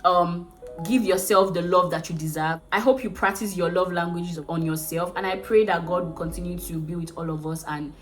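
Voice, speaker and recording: A woman's voice: lowish voice, fairly even intonation, normal speed, soft background music. A woman with a Nigerian accent vlogging to camera, consoling viewers in a frank, caring way and calling them sweetheart. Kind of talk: casual talk to camera.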